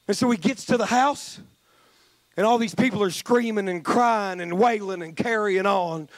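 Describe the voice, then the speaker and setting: Male pastor, fairly high voice, rhythmic repeating sermon cadence, emphatic, close and dry. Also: normal speed, dry recording. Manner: repetitive, rhythmic preaching cadence; earnest, emphatic storytelling.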